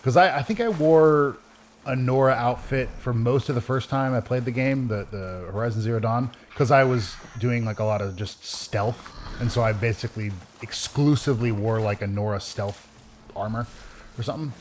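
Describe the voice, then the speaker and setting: A man in the middle of a casual let's play, rambling through his thoughts with plenty of false starts, his voice at an ordinary pitch. A faint hiss of background noise sits behind him. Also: normal speed. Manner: rambling, many restarts, animated retellings. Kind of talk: casual gameplay commentary.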